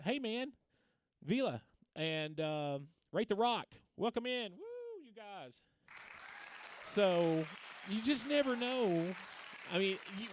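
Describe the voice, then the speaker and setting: A man's voice: a little high, no echo. A man hosting a casual guitar livestream, telling long rambling stories with many restarts and reading out viewer names. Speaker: guitar teacher and livestream host.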